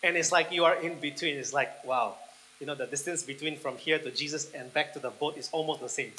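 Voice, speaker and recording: A man preaching a sermon, leading the listeners through a guided picture with slow, soft pauses that build into excited passages. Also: on the high side, poor audio. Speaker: pastor.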